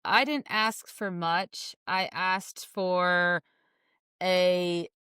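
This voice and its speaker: A woman's voice: on the low side, fairly even intonation, extremely slow, bright, forceful tone, clear, resonant tone, dry recording, studio quality. A woman co-hosting a podcast, chatting and eagerly explaining things. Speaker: podcast co-host. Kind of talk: casual chat.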